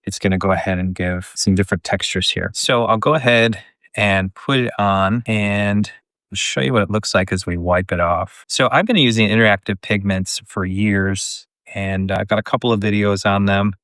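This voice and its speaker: A man's voice: lowish voice, moderate pace, dry recording. A middle-aged man in his pottery studio, casually talking through a glazing demonstration as he works. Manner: relaxed, chatty, talks while working. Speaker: pottery teacher.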